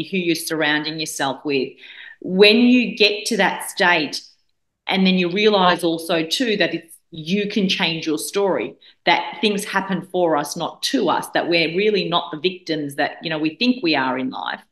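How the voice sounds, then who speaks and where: A woman's voice: fairly low pitch, a bit bright. Earnest woman in an echoey room. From Australia. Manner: earnest, with frequent restarts and fillers. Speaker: guest speaker. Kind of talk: reflective storytelling in conversation. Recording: roomy echo.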